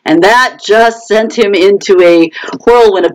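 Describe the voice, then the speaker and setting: A woman's voice: mid-range voice, measured pace, poor audio. A woman author hosting a casual live chat, answering viewers by name, with many restarts and short laughs. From United States. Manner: animated, quotes others in raised voices.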